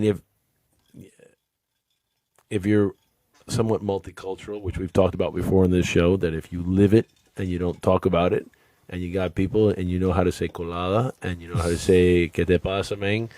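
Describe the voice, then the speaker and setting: A man's voice: low-pitched, flat delivery, normal speed, warm tone, dry recording. A man born and raised in Miami, telling stories in a casual podcast chat with emphatic bursts. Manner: storytelling, emphatic. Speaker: podcast co-host.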